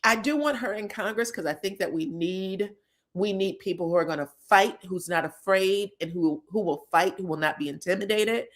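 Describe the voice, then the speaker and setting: A woman in casual chat, recapping reality-show scenes for viewers with animated, emotional delivery and free swearing. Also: mid-range voice, moderate pace. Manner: retells scenes in others' voices.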